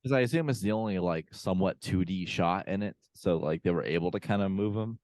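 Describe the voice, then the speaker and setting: A laid-back man with a very low voice, co-hosting a podcast over a video call. He drawls through his sentences with plenty of fillers, and the sound is dry and close. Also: fast talker, a little mellow, no room sound. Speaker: podcast co-host. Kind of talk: casual chat reviewing a film.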